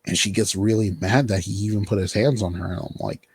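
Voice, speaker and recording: A man's voice: fairly low pitch, brisk, few pauses, breathy edge, dry recording. A man casually recapping a TV show on a podcast, rambling with lots of fillers. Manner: rambling, filler-heavy, quotes characters in mock voices. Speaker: podcast host.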